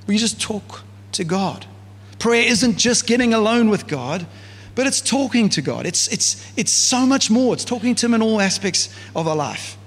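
A man preaches to his church in an easy, chatty way, often stopping to restart a thought. His voice is fairly high and a little husky. It rings out through a hall with a long reverb. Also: lively intonation, moderate pace. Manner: casual, conversational preaching with many fillers. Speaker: pastor. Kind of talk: sermon.

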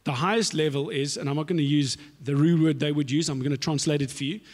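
A man preaching a sermon in an animated, slangy, conversational style. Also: fairly high pitch, fast. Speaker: pastor. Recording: echoey hall reverb.

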